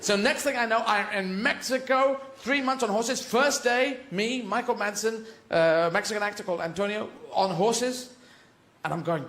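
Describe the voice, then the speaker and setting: A man's voice: high-pitched, normal speed, fairly bright tone. Rambling male comedian in a roomy hall. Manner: rambling, digressive, acts out scenes. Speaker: stand-up comedian. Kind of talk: stand-up comedy routine. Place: live venue with audience. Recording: roomy live venue.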